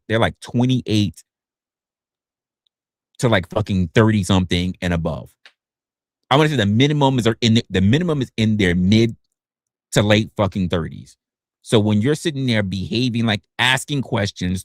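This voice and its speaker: A man's voice: lowish voice, no room sound, clean studio sound. A man in his forties giving a blunt, profane livestream rant from his home office. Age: 40s. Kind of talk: ranting livestream monologue.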